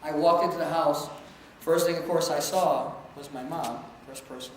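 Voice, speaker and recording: A man who teaches martial arts and speaks against bullying addresses a school assembly, telling a story, joking with the audience and calling out questions to students. His high voice, at normal speed with fairly even intonation, is picked up from far off in a large, booming, echoey hall full of students, with faint noise.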